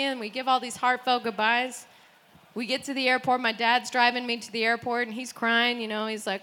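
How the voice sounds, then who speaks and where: A young woman tells a rambling story to a group in a high voice, laughing through her lines and cursing freely. Her tone is bright and sharp, and she jumps into loud, dramatic voices when she quotes people. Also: normal speed. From United States. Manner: animated, laughing often, swearing, acting out quotes.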